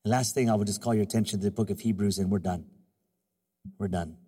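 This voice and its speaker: A man preaching a sermon as pastor, moving from quiet, confiding talk to loud call-and-response exhortation. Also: steady tone, fast, slightly rough, in a large hall. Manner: soft, low, confiding in personal stretches.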